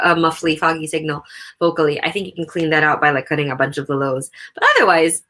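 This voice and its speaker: A woman vlogger casually reviewing a microphone she is recording on, chatty and animated. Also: fast talker. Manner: chatty and animated, with jumps in pitch. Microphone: USB condenser microphone under test.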